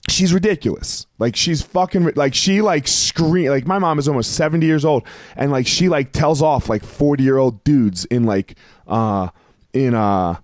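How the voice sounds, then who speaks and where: A man's voice: medium pitch, normal speed, dry recording, clean studio sound. A man in his forties, a podcast guest talking in a rambling, casual way, full of fillers and profanity.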